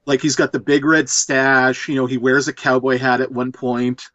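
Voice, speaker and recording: A man riffing through a movie commentary with animated, profane energy. His voice sits in an ordinary middle register. The recording is dry and a little dull, as if through a modest mic. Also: medium pitch, normal speed, no echo. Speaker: podcast host.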